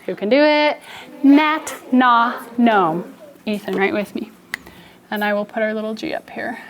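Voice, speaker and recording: A slow-enunciating woman teacher. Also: mid-range voice, slight background noise. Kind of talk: classroom phonics instruction. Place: classroom.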